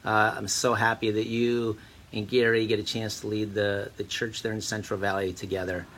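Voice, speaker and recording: A man's voice: fairly low pitch, flat delivery, moderate pace, fairly bright tone. A man sincerely encouraging a friend in a recorded birthday message. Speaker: friend giving a birthday tribute.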